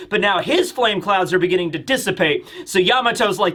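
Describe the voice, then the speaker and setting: A man hosting a casual manga chapter review, excitable and acting out scenes in voices. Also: high-pitched, a little fast, few pauses. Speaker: host.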